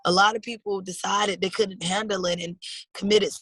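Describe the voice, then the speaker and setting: A woman's voice: medium pitch, steady tone, normal speed, a bit bright, breathy edge, no echo, rough recording. Woman, thirties, earnest, heartfelt, interview talk, dry recording. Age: 30s. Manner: heartfelt, earnest, calls people "baby". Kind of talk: emotional personal interview.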